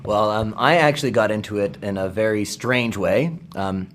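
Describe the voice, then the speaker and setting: Lively man telling stories at a convention. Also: on the low side, normal speed, slight background noise. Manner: animated, laughs often, acts out quotes. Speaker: voice actor guest. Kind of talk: casual storytelling interview. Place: at a fan convention.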